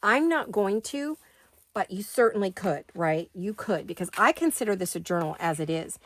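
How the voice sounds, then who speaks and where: A woman's voice: medium pitch, expressive, moderate pace, dry recording. A woman in her sixties hosting a craft video from her home studio, chatting in a rambling, think-aloud way. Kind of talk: casual chat while crafting.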